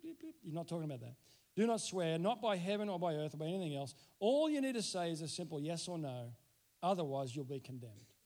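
Emphatic preacher, fairly high voice. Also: male voice, darkish tone. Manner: emphatic, repeats key phrases, slows down to stress points. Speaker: pastor. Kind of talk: sermon.

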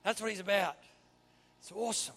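A man preaching a sermon, swinging from quiet asides to loud emphatic bursts. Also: sits high, brisk, vocal fry, slightly rough. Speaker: pastor.

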